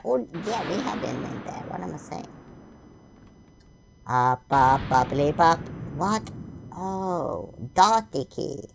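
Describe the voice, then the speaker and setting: This gameplay commentator has a low, creaky voice with lively intonation, and she takes things slowly. Humming and coining nonsense words, she talks to herself in a silly, sing-song manner while a slight hiss or hum sits in the recording.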